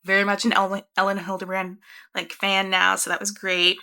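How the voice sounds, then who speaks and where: A young woman talks to camera about the books she has read lately, in a casual, chatty way. Her voice is bright and clear, she laughs often, and she trails off into half-finished sentences. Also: mid-range voice, monotone, fairly quick. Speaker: book vlogger. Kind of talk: casual reading wrap-up chat.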